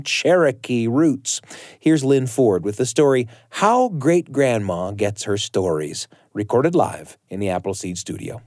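A man hosting a storytelling show, reading a measured, friendly introduction from a studio. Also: mid-range voice, warm tone, no echo. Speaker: radio show host. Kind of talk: scripted introduction. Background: faint guitar music.

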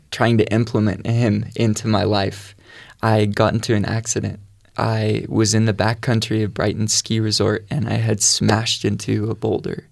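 Earnest man with a gravelly voice. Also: lowish voice, no room sound, studio quality. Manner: earnest storytelling, quotes his own prayers. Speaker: guest sharing testimony. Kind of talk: personal faith testimony.

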